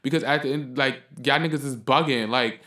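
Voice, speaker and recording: A man hosts a casual podcast monologue in a blunt, profane ranting manner that keeps flaring up. His voice sits at an ordinary middle pitch. The sound carries a noticeable room echo. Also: a little fast. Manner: blunt, profane, heated ranting that flares up loud. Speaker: podcast host.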